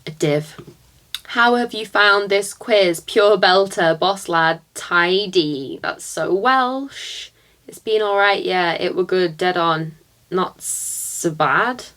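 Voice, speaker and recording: Young woman, casual vlog chat, slow and easygoing, thinking aloud. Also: on the low side, a bit bright. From northwest England, near Liverpool. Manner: chatty, thinking aloud, quick laughs. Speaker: vlogger. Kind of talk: casual chat, reading quiz questions aloud.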